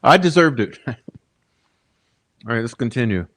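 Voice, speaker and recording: A man's voice: mid-range voice, lively intonation, measured pace, a bit bright. A man hosting a live stream, making casual, chatty asides to his viewers between readings of court testimony. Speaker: channel host.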